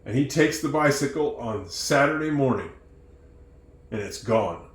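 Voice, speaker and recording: A man teaching English who tells a moral story, acting out its characters with lively changes of voice. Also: mid-range voice, measured pace, roomy sound. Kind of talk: storytelling lesson.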